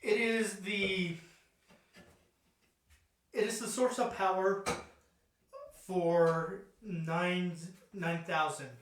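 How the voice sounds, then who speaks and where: Young man, podcast co-host, high voice, rambling casual chat, very echoey room, distant mic. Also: steady tone, very slow, pauses often, a bit bright, a little hiss or hum.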